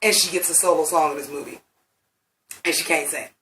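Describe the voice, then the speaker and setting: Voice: mid-range voice, steady tone, a little fast, fairly bright tone, a little hiss or hum. Blunt, profane reviewer in a roomy space. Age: late 30s. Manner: blunt, profane, rambling and emphatic. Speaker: movie reviewer. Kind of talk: casual vlog review. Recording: roomy sound from a distant mic.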